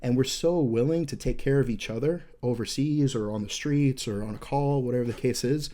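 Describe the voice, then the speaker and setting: A man's voice: mid-range voice, brisk, mellow. A man in his twenties or thirties talks through a hard memory on a casual podcast. He swears a lot and rambles, stacking fillers and restarts, with an intense, driven delivery. His voice sits in an ordinary middle register. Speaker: podcast host, veteran.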